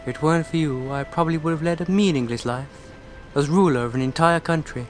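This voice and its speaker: A man playing an earnest, gentle young princess from a fantasy game, her voice pushed up high and drawn out slow, soft and sweetly sincere. She speaks with unhurried gratitude, as a male gamer puts her on. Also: soft background music, close to an everyday voice.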